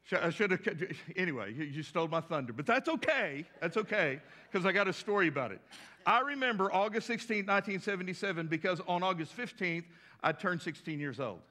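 A man in his sixties preaching in a folksy, animated way, slipping into voices as he tells stories. His voice sits high for a man and rings bright. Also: a little fast. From West Texas. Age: 60s. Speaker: pastor. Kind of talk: storytelling sermon.

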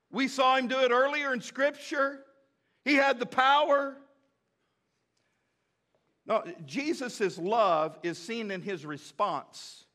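A man preaching a sermon as pastor, repeating key phrases and swinging between loud emphasis and hushed moments. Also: very high-pitched. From United States.

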